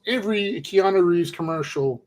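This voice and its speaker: A middle-aged man co-hosting a casual live stream, talking in a rambling, halting way with lots of fillers. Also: high-pitched, a little mellow. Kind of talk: casual chat.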